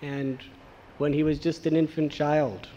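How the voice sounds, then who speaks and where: A man giving a devotional storytelling sermon, animated and acting out the voices of the people in his tale. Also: a little high, measured pace, dull audio, slight background noise. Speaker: spiritual teacher.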